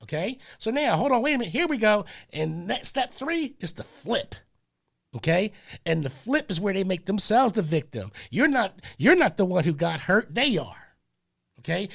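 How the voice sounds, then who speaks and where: A man's voice: high voice, sing-song, moderate pace, vocal fry, a bit bright. A male radio host in a community conversation, preachy, who keeps repeating phrases and stopping to say hold on, wait a minute.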